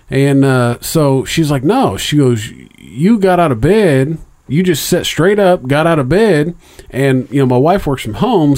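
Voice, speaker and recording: A man's voice: medium pitch, darkish tone. A middle-aged man telling a long story in casual, profane chat, rambling, with lots of fillers and restarts, raising his voice when he quotes others.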